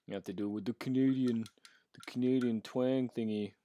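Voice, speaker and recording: A man's voice: lowish voice, flat delivery, brisk. A man hosting a casual live hobby stream while painting miniatures, playful and enthusiastic as he chats with viewers at his desk mic.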